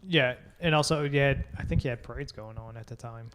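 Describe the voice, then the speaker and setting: A man co-hosting a podcast, relaxed and informal in casual chat. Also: medium pitch, fairly quick. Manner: easygoing, relaxed, informal grammar. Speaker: podcast co-host.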